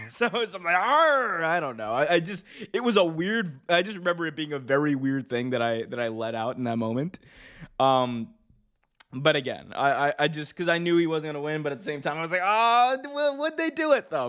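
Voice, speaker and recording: A man hosting a wrestling podcast, chatting casually and with animation, often restarting his sentences. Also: fairly high pitch. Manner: animated, many restarts and fillers. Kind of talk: casual opinionated chat.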